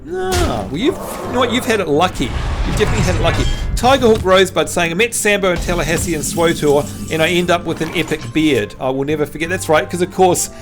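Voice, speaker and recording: A man's voice: high voice, fast talker, few pauses, over music. A man from New Zealand with a Kiwi accent tinged with Australian, commenting on a card game while chatting with viewers. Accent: New Zealand with some Australian. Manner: lively, chatty, rises when excited. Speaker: streamer. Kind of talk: game stream commentary with chat.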